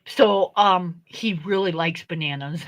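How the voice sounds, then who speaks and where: A woman's voice: lowish voice, takes it slowly, low-quality recording. An older woman, a grandmother, hosting a casual live stream, laid-back and chuckling with short agreeing replies. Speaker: host of a coloring live stream.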